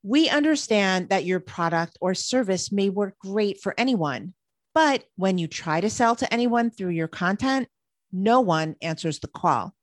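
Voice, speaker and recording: A woman's voice: medium pitch, animated, a little slow, no room sound. A woman co-hosting a marketing podcast, reading prepared points in an upbeat way. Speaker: podcast co-host. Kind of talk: scripted podcast chat.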